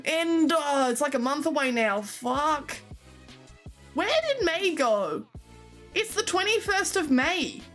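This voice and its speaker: Chatting casually with viewers on her stream, a young Australian woman laughs a lot and swears without restraint. Her voice sits high with a fairly bright tone.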